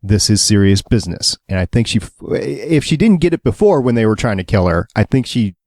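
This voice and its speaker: A man's voice: on the low side, very animated, a little fast, a little mellow, dry recording, clean studio sound. A man hosting a podcast, upbeat and rambling, laughing easily as he chats. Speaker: podcast host. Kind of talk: casual podcast chat.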